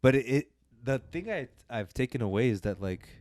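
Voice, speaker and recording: A man's voice: mid-range voice, animated, moderate pace, a little mellow, no room sound. A man co-hosting a podcast, chatting casually and rambling through a long retelling with frequent restarts. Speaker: podcast co-host. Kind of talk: casual chat.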